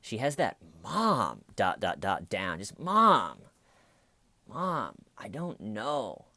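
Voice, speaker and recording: A man's voice: low voice, huge pitch swings, slow, vocal fry, pushed and bright, no echo, full character voice. A man putting on a mocking, exasperated whine to voice an annoyed young woman brushing off her mother. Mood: whiny exasperated.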